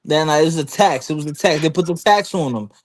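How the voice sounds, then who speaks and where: A man's voice: on the high side, fairly quick. A man on a casual podcast panel, rambling through long explanations and slipping into quoted voices. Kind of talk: casual chat.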